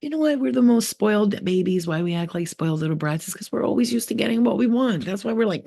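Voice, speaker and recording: A woman's voice: fast, creaky, hardly any pauses, no room sound, clean studio sound. Blunt, profane spiritual healer woman. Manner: blunt and profane, acts out quoted voices; animated, often jumps higher in pitch. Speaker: spiritual healer and channel host. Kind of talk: casual spiritual pep talk to viewers.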